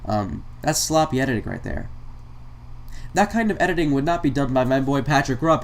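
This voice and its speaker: A man's voice: medium pitch, animated, a little fast, a little hiss or hum. Man, reaction commentary, sarcastic, mock-exasperated, comedic. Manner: sarcastic, mock-exasperated, mid-sentence laughs. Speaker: commentary YouTuber.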